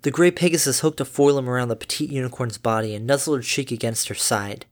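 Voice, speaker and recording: A woman narrating a fan fiction story in a steady, unhurried way. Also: a bass voice.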